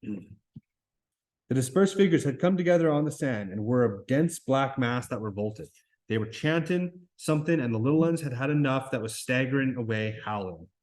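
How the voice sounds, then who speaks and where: A man's voice: mid-range voice, lively intonation, normal speed, darkish tone. A man reading a novel aloud in class, stopping now and then to explain it, with restarts along the way. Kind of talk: classroom read-aloud with commentary.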